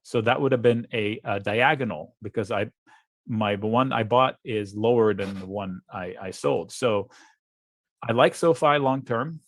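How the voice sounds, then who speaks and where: A man's voice: lowish voice, measured pace, dry recording. A man giving blunt, offhand commentary as a guest trader on a live trading webinar, thinking aloud over charts.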